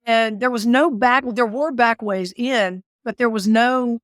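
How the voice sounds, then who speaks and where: A woman, a caregiver and author telling a lively story in an interview, laughing often. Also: a little high, a little slow, no room sound, studio quality. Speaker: guest, author and former caregiver.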